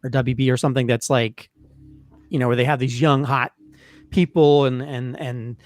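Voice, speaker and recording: A man's voice: medium pitch, little pitch movement, moderate pace, dry recording. A man co-hosting a movie review podcast in casual chat, rambling through his points with lots of "like" and "you know". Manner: rambling, many fillers and restarts. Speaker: podcast co-host.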